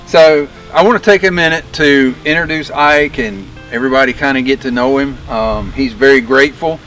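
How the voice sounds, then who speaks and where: A man hosting a documentary vlog, talking earnestly with halting pauses and fillers. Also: medium pitch, a bit bright, soft background music, poor audio. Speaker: documentary host. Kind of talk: casual vlog narration.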